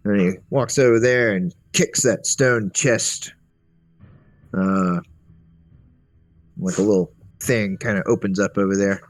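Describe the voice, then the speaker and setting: A man's voice: lowish voice, measured pace, no room sound. A man narrating a tabletop game as game master in a loose, casual way with many fillers. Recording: faint background music.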